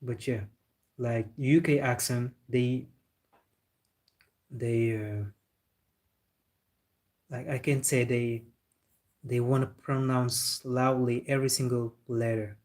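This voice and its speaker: A man's voice: mid-range voice, fairly even intonation, slow, pauses often, darkish tone. Man chatting on a livestream. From Senegal. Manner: chatty, laughing, answers viewer comments. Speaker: football livestream host. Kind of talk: casual livestream chat.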